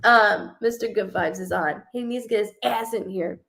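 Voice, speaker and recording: A woman's voice: mid-range voice, normal speed, vocal fry, a bit bright, slight background noise. Profane rambling woman medium. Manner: rambling, profane, frequent restarts. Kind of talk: live psychic reading.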